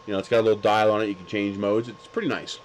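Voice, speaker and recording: A man's voice: fairly low pitch, level tone, rapid-fire, a little hiss or hum, poor audio. A man hosting a livestream, telling stories in a casual chat with lots of laughter and crude jokes. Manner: laughing, crude joking storyteller. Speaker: livestream host.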